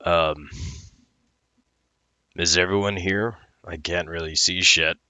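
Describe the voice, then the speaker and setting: A man's voice: sits low, steady tone, slow, sharp tone, clear, resonant tone, no echo. A young man playing a tabletop game in a laid-back way, laughing often. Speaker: player.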